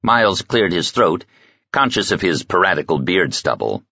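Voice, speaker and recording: A man with a very deep voice reads a novel aloud, his pitch rising and falling in lively storytelling. The recording is close and dry, with a slightly dull, muffled tone. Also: moderate pace, creaky, slightly rough, no room sound. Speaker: audiobook narrator. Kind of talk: scripted audiobook narration.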